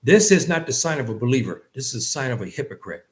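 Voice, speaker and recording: A man's voice: very animated, fast talker. Earnest male religious teacher lecturing. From West Africa. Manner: earnest, repeats phrases, pitch rises on key points.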